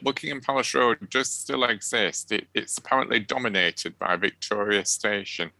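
A man's voice: medium pitch, creaky, bright, forceful tone, no echo. A British man co-hosting a casual chat, giggly and self-mocking. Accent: British English. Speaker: podcast co-host.

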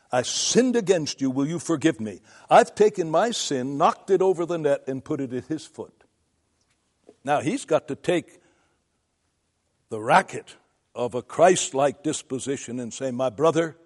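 An older male pastor lectures like a preacher, earnest and emphatic. He takes his time, pausing between phrases, and his voice sits a little higher than most men's. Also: darkish tone. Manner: earnest, emphatic preaching with long deliberate pauses. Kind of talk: seminary lecture in sermon style.

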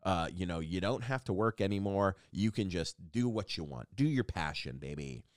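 A man's voice: low voice, animated, normal speed, dry recording, studio quality. A man hosting a casual solo podcast, rambling and self-deprecating with lots of restarts. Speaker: podcast host.

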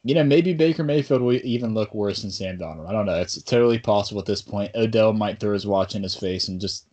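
Rambling low-voiced sports podcast host. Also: male voice, a little mellow. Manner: rambling, fast banter. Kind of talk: casual sports chat.

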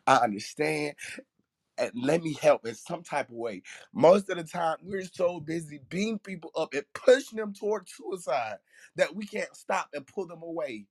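A man's voice: fairly high pitch, lively intonation, moderate pace. A man hosting a faith talk show, speaking with emotion and a preacher's repetition. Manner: emotional, preacherly, repeats phrases for emphasis. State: tearful at times. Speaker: podcast host.

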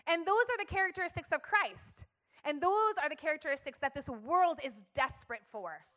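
Bright, high-voiced woman preaching. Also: lively intonation, brisk. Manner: passionate, emphatic, calls for audience response. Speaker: speaker sharing her story at church. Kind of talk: sermon-style talk to a church audience.

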